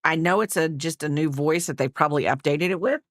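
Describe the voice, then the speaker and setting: Low-voiced woman rambling chattily. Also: brisk, dry recording, clean studio sound. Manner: rambling, chatty, many fillers and asides. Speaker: crochet vlogger. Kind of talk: casual chat while crocheting.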